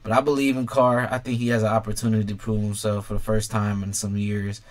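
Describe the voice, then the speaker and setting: A man's voice: lowish voice, little pitch movement, quick pace. A young man in a casual sports vlog, ranking players bluntly with lots of swearing and talking straight to the fans. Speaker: sports commentator ranking quarterbacks.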